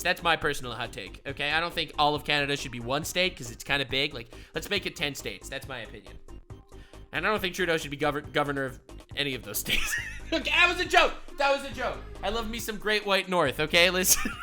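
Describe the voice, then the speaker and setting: Excitable bright-voiced male streamer. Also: a little fast, soft background music. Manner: excitable, swearing, often laughing, swings from loud to low. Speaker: streamer reacting to clips. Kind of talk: comedic reaction commentary.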